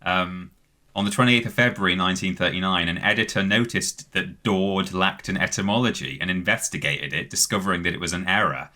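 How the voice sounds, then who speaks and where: A British man with a very low, deep voice and a bright, forceful edge explains facts at length on a podcast. He talks casually, full of "um"s, and spells out words letter by letter as he goes. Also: fairly quick. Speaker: podcast co-host. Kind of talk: casual chat, reading out facts.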